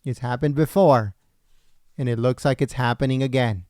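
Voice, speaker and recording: A man hosts a political livestream, signing off casually while speaking earnestly and directly to viewers, his voice worn after a long broadcast. His mid-range voice is steady, a little mellow, and moves at a normal speed. The sound is clean studio audio with no echo.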